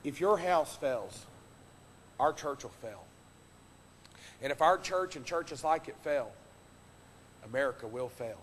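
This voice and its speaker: A man preaching a sermon from the pulpit, impassioned, swinging between loud exhortation and hushed earnest tones. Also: on the high side, a little hiss or hum. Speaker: pastor. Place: church sanctuary. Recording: long reverb of a church hall.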